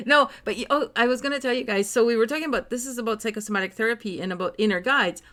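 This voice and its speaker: A woman's voice: on the high side, very fast, hardly any pauses. A woman chatting casually and telling stories with lots of laughter. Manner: laughs often, animated storytelling. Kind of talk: casual chat.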